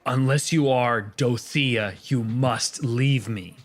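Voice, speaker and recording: A man's voice: mid-range voice, slow pace. A man playing a proud, desperate god trapped in a young man's body, speaking in commanding denial in a tabletop game.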